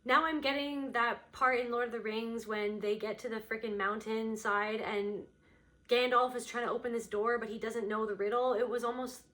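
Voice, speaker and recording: Female tarot reader, fairly high voice, loose and intuitive delivery that follows impressions as they surface. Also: steady tone, normal speed, a bit bright. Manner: meandering and intuitive, voicing impressions as they come. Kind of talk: unscripted pick-a-card reading.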